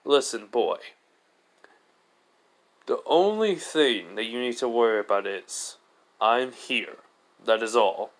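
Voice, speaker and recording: A man's voice: mid-range voice, lively intonation, takes it slowly, pauses often. A man voicing a stern, weary male warrior god who speaks in a formal, clipped way while telling a fan story. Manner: formal, clipped, calls the boy "boy". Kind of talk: fan story narration with voiced characters.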